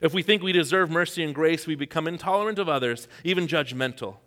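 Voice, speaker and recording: A man from Iran, a pastor, preaching a sermon and telling personal stories, his voice dropping to a hush and rising to near shouts. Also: on the high side, fast talker. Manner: storytelling, swings from hushed to shouting. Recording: long hall reverb.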